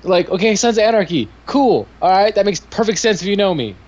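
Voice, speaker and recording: A man co-hosting a casual podcast, ranting excitedly and getting louder when worked up. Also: high voice, fairly quick. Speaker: podcast co-host. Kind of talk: casual chat. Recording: dull lo-fi podcast audio.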